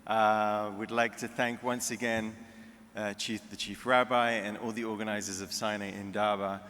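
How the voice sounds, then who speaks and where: A man's voice: fairly low pitch, little pitch movement, moderate pace, a bit bright. A man from the UK, giving a speech at a convention and telling anecdotes and jokes. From United Kingdom. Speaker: convention speaker. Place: large convention hall. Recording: long hall reverb.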